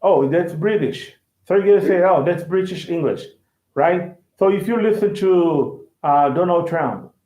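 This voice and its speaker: A male language teacher with a Brazilian Portuguese accent explains English casually, halting and repeating words. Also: high voice, mellow. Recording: echoey, tinny phone-like sound.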